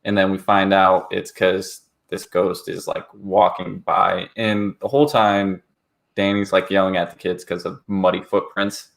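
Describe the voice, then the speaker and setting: A man with a lowish voice co-hosts a podcast in casual chat. He is blunt and wry and peppers his talk with "like". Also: steady tone, a little slow, gravelly, a bit bright. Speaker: podcast co-host.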